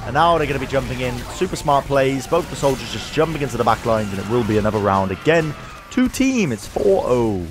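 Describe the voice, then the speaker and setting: A man casting a competitive online match with play-by-play commentary, energetic and jokey, his pitch climbing on big plays. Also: brisk, over music. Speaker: esports caster.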